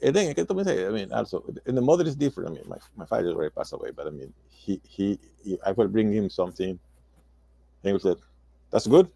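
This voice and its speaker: A man in his sixties, a native Spanish speaker talking in halting English with many restarts in a casual roundtable discussion. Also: lowish voice, expressive, gravelly, mellow, breathy edge, no room sound. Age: 60s. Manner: halting, repeats words, non-native phrasing. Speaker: roundtable guest.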